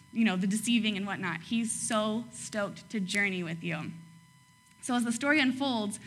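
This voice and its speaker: A young woman preaching a casual sermon, chatty and quick to laugh, tagging her points with "right?" and "like". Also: medium pitch, fairly bright tone.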